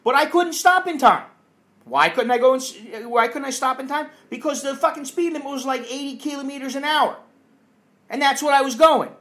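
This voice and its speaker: A man with a notably high voice rants in a casual monologue. He is blunt and profane, swearing freely with no filter. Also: fairly quick, a bit bright. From United States.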